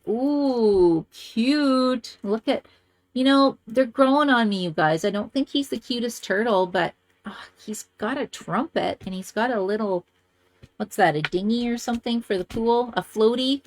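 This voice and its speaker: A woman hosting a card-making video, chatting casually and gushing as she shows cards to the camera. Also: measured pace. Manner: gushing, chatty, lively swings in pitch.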